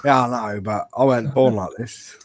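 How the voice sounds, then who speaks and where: A man's voice: medium pitch, steady tone, moderate pace, no room sound. A young British man co-hosting a casual podcast, swearing freely and ribbing his mates. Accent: British English. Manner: sweary, mocking banter. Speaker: podcast co-host. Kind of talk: casual chat.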